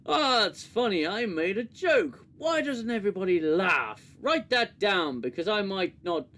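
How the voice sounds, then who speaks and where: A man's voice: sing-song, a little slow, bright, forceful tone, full character voice. A man putting on a mocking voice for a smug, self-pleased man bragging about his own joke. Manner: mocking, high and overdone.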